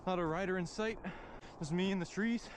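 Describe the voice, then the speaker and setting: A man's voice: high-pitched, a little fast. A young man casually vlogging outdoors on a snowy mountain, grumbling and swearing as he hikes uphill, recorded on a body-worn camera. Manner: grumbling, swears, talking while hiking uphill. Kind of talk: casual vlog commentary. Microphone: body-worn action camera. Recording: wind noise outdoors.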